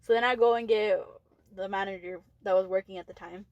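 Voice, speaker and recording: A young woman, a podcast guest, calmly telling a work story with casual fillers. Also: mid-range voice, brisk, no room sound, dull audio. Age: young adult. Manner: relaxed, matter-of-fact retelling with fillers.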